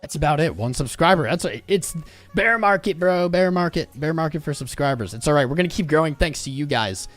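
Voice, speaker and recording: A man hosting a crypto live stream, chatting casually and shouting out viewers with a loose, jokey manner that jumps in pace and loudness. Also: fairly high pitch, expressive, brisk, soft background music. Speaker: crypto livestream host.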